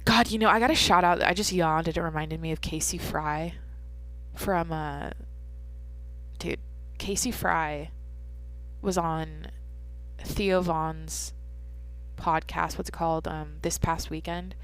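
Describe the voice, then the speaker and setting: A woman's voice: low voice, fairly even intonation, slow, long pauses, fairly bright tone. Rambling, swearing woman podcast host. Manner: rambling, profane, self-interrupting storyteller. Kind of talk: casual solo podcast monologue. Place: home at night.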